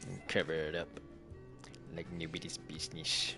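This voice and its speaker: A man streaming a relaxed home-renovation game, commenting casually, reading chat aloud and chuckling often. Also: rumbling low, normal speed, vocal fry. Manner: laid-back, chuckles often, talks to chat. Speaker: gaming streamer. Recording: faint game music behind.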